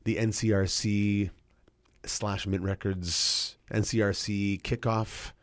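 A man with a lowish voice hosts a campus radio show from the studio. He chats casually, trailing off and correcting himself as he goes. His close mic gives a dry, deadened sound. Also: takes it slowly, no echo. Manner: relaxed, rambling, with many fillers and self-corrections.

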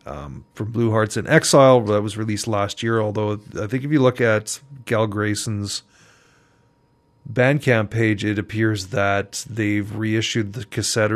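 A man hosting a community radio music show, casually back-announcing tracks in a relaxed, rambling way with many ums. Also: fairly low pitch.

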